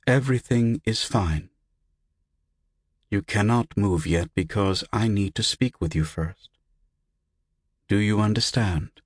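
A man doing a flat, toneless machine-like doctor. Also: lowish voice, takes it slowly, long pauses, husky, no room sound, clean studio sound, voice pushed up. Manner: flat, without intonation. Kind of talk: audiobook character voice.

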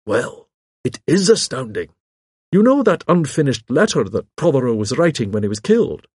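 A man's voice: mid-range voice, very animated, normal speed, a little mellow, husky, no echo, clean studio sound, pitched above the performer's own voice. A man voicing a blustering middle-aged chief constable who talks brusquely and with emphasis. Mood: confiding.

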